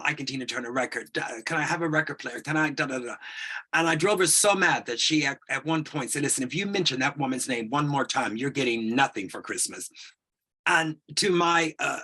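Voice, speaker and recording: A man's voice: medium pitch, bright, forceful tone, breathy edge. A middle-aged man telling a personal story as an interview guest, hesitant, with frequent restarts.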